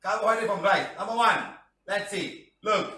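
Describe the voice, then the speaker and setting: The speaker is a middle-aged man, a healing teacher, whose high, bright voice carries a forceful tone at normal speed. During his live class he reads viewers' comments in a jokey, teasing way, ending lines with "huh?" and "lah." The recording has a roomy echo from a far-off mic.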